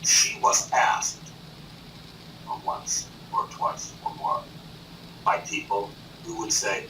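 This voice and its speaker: A man from North Carolina, a boastful and animated talk show guest in a TV studio. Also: fairly low pitch, recorded from a distance. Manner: boastful, animated, does quick impressions. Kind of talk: boastful chat. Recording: echoey room, off-mic, noisy.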